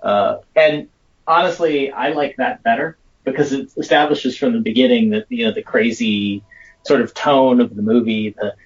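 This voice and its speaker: A man's voice: mid-range voice, moderate pace, breathy edge, lo-fi sound. A man co-hosting a casual movie podcast, rambling and thoughtful, with lots of fillers. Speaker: podcast co-host.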